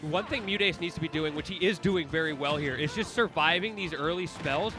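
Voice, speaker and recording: A high-voiced man does color commentary on a live fighting game match. He breaks down player habits in detail and drops playful quips. Game music runs clearly behind him. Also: brisk.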